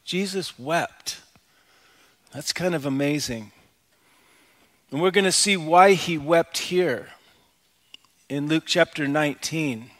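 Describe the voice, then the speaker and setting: Man, middle-aged, pastor, sermon, chatty personal delivery, slightly raised pitch. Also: measured pace, pauses often, a bit bright. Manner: conversational and personal, frequent "you know" asides. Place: church sanctuary.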